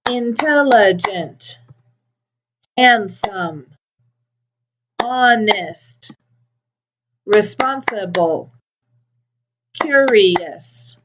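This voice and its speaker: A woman teaching English to adult learners, repeating each word slowly and clearly, with small playful asides. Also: medium pitch. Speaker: ESOL teacher. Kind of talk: slow, clearly enunciated classroom teaching. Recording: slightly dull lo-fi recording.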